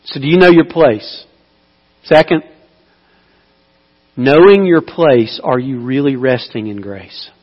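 A man preaching a sermon, moving between slow, hushed appeals and loud, pleading cries. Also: medium pitch. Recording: dull sound with long hall reverb.

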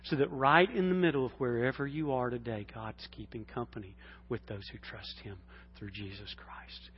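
A man's voice: medium pitch, normal speed, slightly rough. Impassioned preacher man in a reverberant hall. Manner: swings from hushed near-whispers to loud impassioned shouting. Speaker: pastor. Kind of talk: sermon. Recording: dull sound in a long-reverb hall.

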